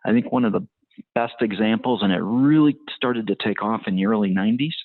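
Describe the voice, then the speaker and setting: A man's voice: on the low side, a little fast, no echo. A man giving business interview answers in a hesitant way, with many ums and restarts. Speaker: tire brand motorsport marketing guest. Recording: tinny phone-like line, dry.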